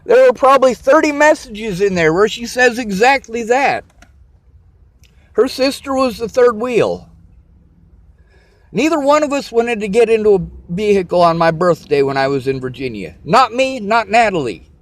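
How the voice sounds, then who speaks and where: High-voiced man on an angry rant. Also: very animated, normal speed, no room sound. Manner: agitated, profane, repetitive venting. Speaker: vlogger. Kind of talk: angry personal rant to camera.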